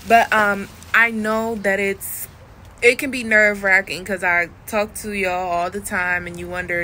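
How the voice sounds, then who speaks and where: A woman's voice: medium pitch, flat delivery, unhurried, bright, forceful tone, slight background noise. A woman giving a casual, frank voice lesson to camera as a coach, chatty and laughing at her own jokes. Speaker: voice coach for phone work.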